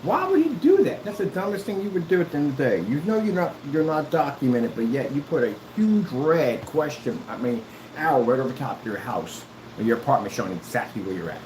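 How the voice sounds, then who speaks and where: A man's voice: mid-range voice, very animated, fairly quick, darkish tone, echoey room, slight background noise, poor audio. Combative, mocking man ranting. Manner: repeats himself often. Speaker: YouTuber. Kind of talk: ranting callout video.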